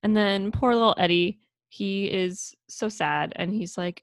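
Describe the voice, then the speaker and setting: Animated young woman, exasperated podcast banter. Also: mid-range voice, measured pace, dry recording, studio quality. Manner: animated, exasperated, swears casually. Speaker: podcast co-host recapping a show. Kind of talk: casual chat.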